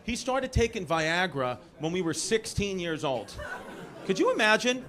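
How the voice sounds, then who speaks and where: Brash New York comedian, high voice. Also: male voice, big pitch swings, normal speed. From Brooklyn. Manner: brash, rambling, swears, riffs with the audience. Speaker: stand-up comedian. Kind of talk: stand-up crowd work. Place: theater stage with a live audience. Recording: live theater with loud crowd laughter.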